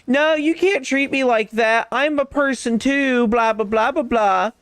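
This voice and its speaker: A man's voice: extremely high pitch, measured pace, a bit bright, clean tone, dry recording, pitched above the performer's own voice. A man voicing a tiny, self-pitying little creature who whines and complains in a pleading way. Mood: whining. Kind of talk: mocking impression in voice chat.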